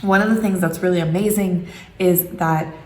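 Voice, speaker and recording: A woman's voice: on the low side, moderate pace. Playful woman vlogging in an echoey room. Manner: animated, playful, exaggerated voices for quoted people. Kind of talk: casual comedic vlog. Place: home room. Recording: echoey room with faint background noise.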